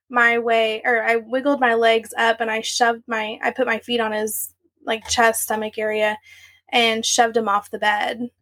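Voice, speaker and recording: A woman's voice: on the high side, a bit bright. Candid woman telling a long story. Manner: candid, run-on storytelling with frequent "like" and "you know". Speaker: podcast guest. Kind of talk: recounting personal story in interview.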